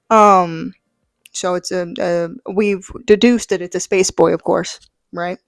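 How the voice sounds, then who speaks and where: A woman's voice: mid-range voice, normal speed, dry recording. A woman chatting casually about a comic book, her talk loose and rambling with plenty of "like" and "um." Her voice sits in a middling range and sounds close and dry, with faint music underneath. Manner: rambling, full of "like" and "um". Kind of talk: casual chat.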